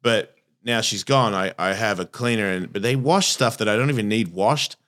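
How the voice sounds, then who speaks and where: A man's voice: lowish voice, normal speed, a bit bright. Rambling Australian man, crude and self-mocking. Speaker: comedian guest. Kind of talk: casual podcast chat.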